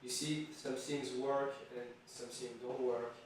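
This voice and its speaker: Slow-talking man in an echoey room. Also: medium pitch, steady tone. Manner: chatty, talks to himself and viewers, chuckles often. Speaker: vlogger. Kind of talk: casual self-filmed vlog. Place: small room indoors. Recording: very echoey room, distant mic, faint hiss.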